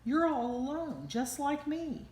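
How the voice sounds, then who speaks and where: A woman's voice: high-pitched, lively intonation, slow pace, pitched above the performer's own voice. A woman voicing a kind little male rabbit in a storybook read-aloud, speaking with an earnest, lifted voice. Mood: sad. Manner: bright, lifted, earnest questioning. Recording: roomy echo.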